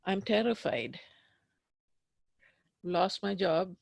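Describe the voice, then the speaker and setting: A woman leading a guided tapping session, speaking slowly and emphatically as she voices raw anger and fear. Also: mid-range voice, lively intonation, gravelly, no room sound. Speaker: tapping practitioner.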